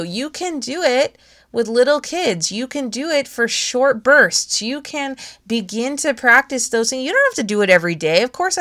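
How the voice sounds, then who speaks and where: A woman's voice: mid-range voice, fairly bright tone. Chatty laughing woman podcast host. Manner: chatty, laughs often, playful asides. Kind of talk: casual podcast talk.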